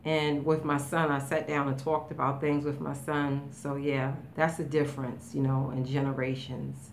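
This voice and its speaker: A woman in her fifties talking in a casual vlog, emotional and rambling, with many fillers and halting restarts. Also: extremely low pitch, little pitch movement, a little hiss or hum. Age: 50s. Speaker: vlogger. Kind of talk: casual tag video, answering questions.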